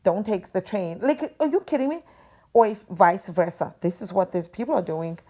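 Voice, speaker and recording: Woman host, mellow tone, venting hard, swears a lot, emphatic rant. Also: medium pitch, normal speed. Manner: exasperated, profane, emphatic. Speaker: podcast host. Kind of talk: ranting monologue.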